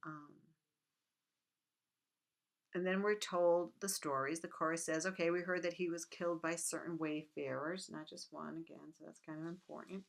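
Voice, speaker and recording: A woman with a notably low voice lectures on a text in a relaxed, conversational way. She reads quoted lines aloud, then drops into quick, chatty commentary. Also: vocal fry. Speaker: literature teacher. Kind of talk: casual recorded lecture.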